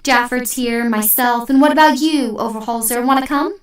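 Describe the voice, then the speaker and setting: A woman voicing a stern older male priest who preaches forcefully to a crowd of townsfolk. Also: on the high side, moderate pace, lightly acted. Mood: challenging. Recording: echoey room, distant mic.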